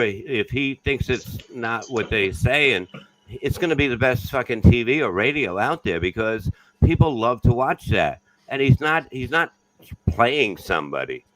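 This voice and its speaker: A man's voice: mid-range voice, animated, normal speed, fairly bright tone, dry recording, low-quality recording. A man, a comedian guest, talking bluntly and profanely in a casual podcast chat.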